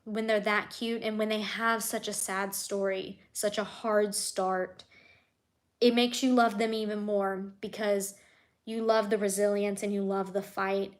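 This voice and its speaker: A woman talks casually on a live stream, chatting with viewers and answering their comments. Her delivery is heartfelt and soft-spoken, and her voice often sinks to a near whisper. She sits in the middle range for pitch. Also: little pitch movement, measured pace. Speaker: animal keeper and vlogger.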